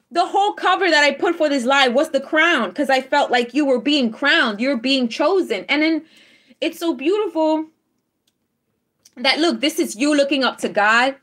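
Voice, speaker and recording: A woman's voice: high-pitched, expressive, normal speed, a bit bright. A woman giving a live tarot reading to her viewers, emphatic and repetitive, checking in with them often. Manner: emphatic, repeats affirmations, checks in with "all right?". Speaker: tarot reader.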